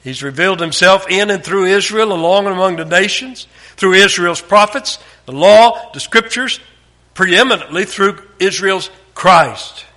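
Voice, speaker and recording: A man giving a Bible teaching, emphatic, often dropping his voice low at the end of a phrase. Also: unhurried. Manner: emphatic, drops to a hush at phrase ends. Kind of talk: sermon.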